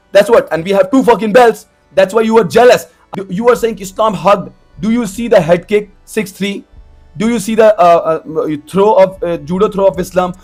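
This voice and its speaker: A man's voice: sits high, a little mellow. A man delivering a blunt, profane, confrontational vlog rant as an MMA commentator. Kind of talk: ranting vlog monologue.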